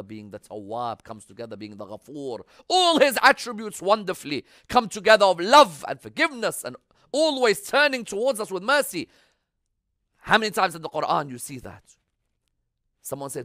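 Animated preacher man, dry close sound. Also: fairly high pitch, moderate pace, no echo. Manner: swings between loud emphatic appeals and hushed storytelling. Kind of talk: religious sermon.

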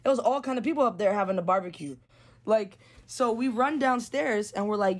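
This guest is a young woman from New York whose medium-pitched voice is animated and fairly quick. She tells a story in a blunt, casual way, swearing a lot and saying "like" constantly.

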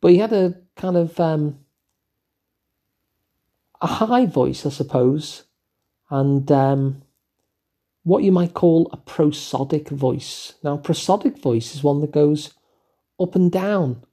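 An older man with an English accent, talking gently and thoughtfully as host of his own show, musing with asides. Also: fairly high pitch, takes it slowly, pauses often. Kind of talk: reflective solo talk.

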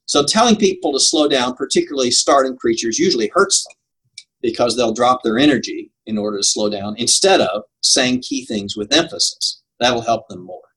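A man's voice: medium pitch, very animated, moderate pace, creaky, a bit bright, breathy edge, low-quality recording. An older man answering interview questions about preaching, earnest and emphatic, laughing at himself now and then. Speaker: preaching coach.

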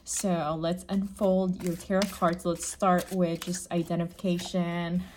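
A woman giving a casual tarot reading to camera, chatty and gentle, often restating her phrases. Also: fairly low pitch, little pitch movement, unhurried, a little hiss or hum. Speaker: psychic tarot reader.

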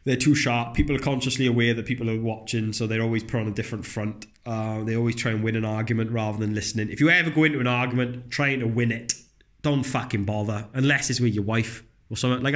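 A man's voice: mid-range voice, a bit bright. A young man hosting his own podcast, talking alone and casually in a blunt, sweary way, now and then putting on sarcastic voices. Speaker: podcast host. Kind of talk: casual solo podcast monologue.

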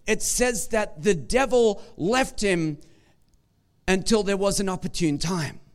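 A man's voice: high-pitched, slow. A man giving a sermon as pastor, in a conversational, joking way and often repeating words. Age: young adult or middle-aged.

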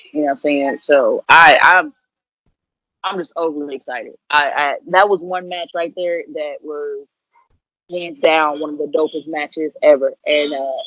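In a casual, playful interview packed with slang, a professional wrestler in her thirties speaks in a low-pitched voice. The audio is dull and lo-fi, with no echo.

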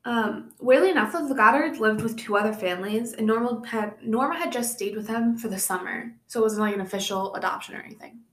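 Speaking fast with few pauses, a young woman with a slightly high voice recounts a true-crime case as a podcast co-host. Her delivery is casual and peppered with chatty asides. The room is echoey.

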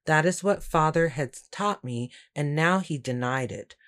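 A woman reading a first-person story aloud in a steady, measured way. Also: low voice. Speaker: audiobook narrator. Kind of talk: first-person scripted narration.

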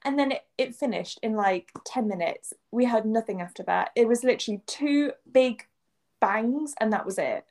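A woman's voice: a little high, moderate pace. A woman from England with an English accent, co-hosting a podcast and telling stories in casual chat, acting out quotes and sound effects. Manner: animated storyteller, acts out quotes and sound effects. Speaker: podcast co-host.

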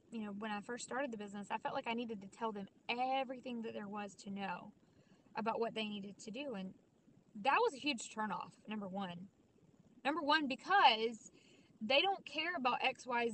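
A chatty woman, fairly high-pitched, talks straight to her podcast listeners. Her delivery is animated and loose, full of fillers and quick restarts. A faint hiss sits under the voice. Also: rough recording. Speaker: podcast host. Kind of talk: casual talk to listeners.

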